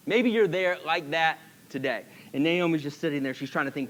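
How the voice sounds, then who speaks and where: A man's voice: on the high side, brisk. A man preaching a sermon as pastor, telling the story with animation and asking the congregation questions.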